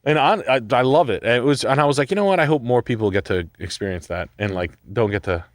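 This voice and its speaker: A man's voice: mid-range voice, fast, dry recording, clean studio sound. A man from Rhode Island telling a story in casual, profane talk, acting out the quoted voices as he goes. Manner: animated, swearing, acts out quoted voices. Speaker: show regular telling a story.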